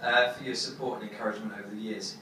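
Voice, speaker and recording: A young man giving his wedding toast as the groom, halting with many fillers and fighting back tears. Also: on the low side, steady tone. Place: wedding reception hall. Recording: echoey hall from far off, crowd noise.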